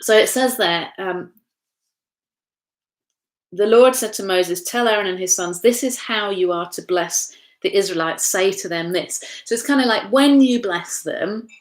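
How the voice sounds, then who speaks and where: A woman's voice: medium pitch, normal speed. A woman from England, a pastor leading an informal Bible study from home, chatty, with frequent tag questions, fillers and restarts.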